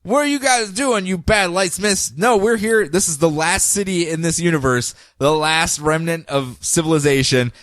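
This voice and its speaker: Man doing giant city survivors, casual, pleading, raised pitch, dry. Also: moderate pace, hardly any pauses, fairly bright tone, dry recording, natural voice. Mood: indignant.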